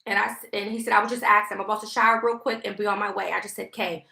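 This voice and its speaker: A woman's voice: mid-range voice, steady tone, racing, gravelly, pushed and bright. A woman venting to her viewers in a casual storytime vlog, talking in an emphatic, heated and profane way. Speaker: vlogger. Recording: echoey room.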